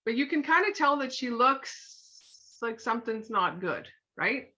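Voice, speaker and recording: Coaching a room of salespeople live, this woman sounds a little high and expressive, bright and forceful as she chats and encourages. She acts out little scenes along the way, though the lo-fi recording makes her voice muffled and dull.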